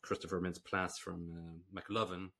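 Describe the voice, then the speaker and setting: A man's voice: low voice, level tone, unhurried, a crowd in the background. An Irish man co-hosting a film podcast, recapping sketches in casual chat with blunt, dismissive verdicts. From Ireland. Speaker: podcast co-host.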